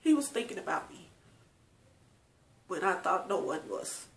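A woman's voice: lowish voice, big pitch swings, unhurried, vocal fry. A woman telling tearful personal family stories to her viewers, laughing often. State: crying at times. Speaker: channel host. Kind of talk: emotional personal storytelling. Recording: echoey room.

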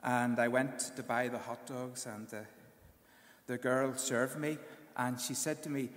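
A man with a British accent, a graduating student giving an earnest speech at his ceremony, often pausing on fillers. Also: mid-range voice, level tone, roomy sound, big-room sound. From United Kingdom.

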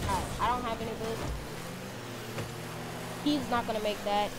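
A woman streaming a car football game live, commenting excitedly and shouting at her teammate. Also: a little high, normal speed, long pauses, noisy background.

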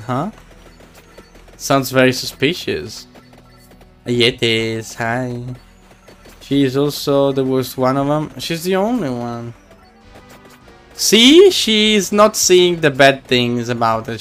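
A man's voice: mid-range voice, a bit bright. A man streaming a game live, chatting casually and teasing his viewers in a playful way.

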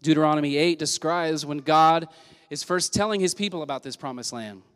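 A man's voice: fairly high pitch, fairly quick, clean tone. A male senior pastor preaching a sermon with energy, punchy repetition and call-and-response with the congregation, recorded in a church sanctuary. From Southern California. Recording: long church hall reverb.

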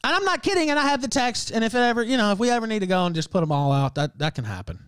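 A man's voice: high-pitched, very animated, rapid-fire, a bit bright, smooth, no room sound. A man hosting a livestream, ranting in heated, profane casual talk and breaking into laughs. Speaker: livestream host.

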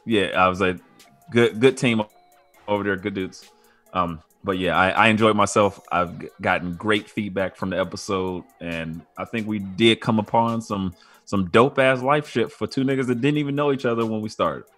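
A man's voice: lowish voice, fairly even intonation, moderate pace, a bit bright, faint music behind. A man co-hosting a podcast, telling stories in a laid-back, laughing, profane way. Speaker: podcast co-host. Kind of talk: casual chat.

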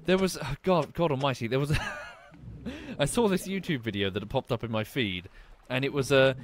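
Chatty man with lively pitch. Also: a little hiss or hum. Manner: chatty, wry, swears casually. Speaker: streamer. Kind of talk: casual gameplay commentary.

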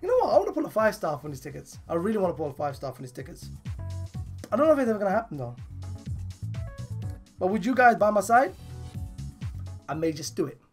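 Excitable hoarse woman with a lively voice. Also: mid-range voice, fast talker, pauses often, faint music behind. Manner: excitable, bursts into laughs and shouts at each pull. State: hoarse, voice partly gone. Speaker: gaming channel host. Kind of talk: casual mobile game summon commentary.

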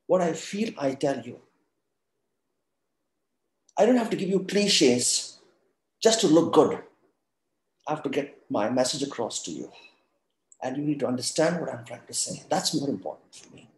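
A man's voice: on the high side, lively intonation, normal speed, long pauses, a little mellow, echoey room, poor audio. A middle-aged man giving a motivational webinar talk, emphatic and asking the audience questions. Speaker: webinar speaker.

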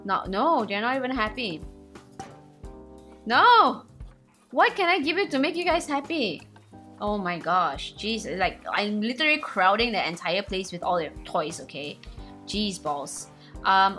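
Girl doing game commentary, super bouncy pitch, bright voice, bit of game music under it. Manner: excitable, squealing highs and gasps. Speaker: gaming channel host. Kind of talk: let's play commentary. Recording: faint game music behind.

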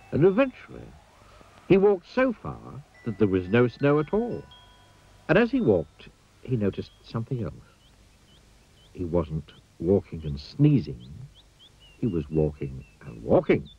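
A man narrating a children's storybook in an expressive, playful sing-song manner. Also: on the low side, muffled recording, slight background noise.

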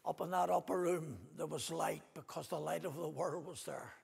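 A man with a Northern Irish accent preaching an impassioned sermon, rising to loud cries and dropping to hushed repetitions. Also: on the high side, fairly even intonation, normal speed, vocal fry, slightly rough. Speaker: pastor. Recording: long hall reverb.

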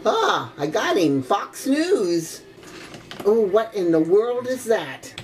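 Older woman, grandma gamer, unhurried, lively up-and-down delivery, exclaims with quaint oaths, faint hiss behind. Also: medium pitch. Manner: chatty and exclamatory, with old-fashioned oaths and giggles. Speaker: gaming grandmother. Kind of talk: casual game commentary.

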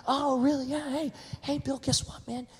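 A man's voice: very high voice, flat delivery, moderate pace. A male pastor playing a chatty, eager young shepherd of old in a sermon. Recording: reverberant church hall.

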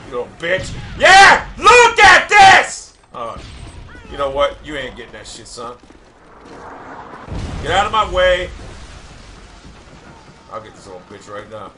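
A man giving profane gameplay commentary, loudly raging and shouting at other players. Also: medium pitch, lively intonation, a little slow, long pauses, a little hiss or hum. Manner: shouts in bursts of frustration. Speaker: gamer.

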